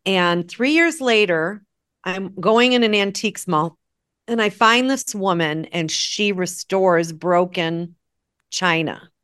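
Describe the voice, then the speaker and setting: A woman in casual conversation, telling a personal story in an animated way and acting out the dialogue. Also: fairly low pitch, slow, smooth. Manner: animated, acts out quoted dialogue. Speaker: guest sharing a story.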